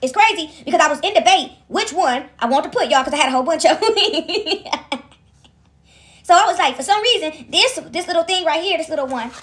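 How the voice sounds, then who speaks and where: A woman's voice: extremely high pitch, expressive, fairly quick, a bit bright. A woman vlogging from home, telling a rambling story to her viewers in a casual, chatty way. She calls out to them often, asks "right?" again and again, and laughs as she goes. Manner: chatty, addresses viewers as "y'all", frequent "right?".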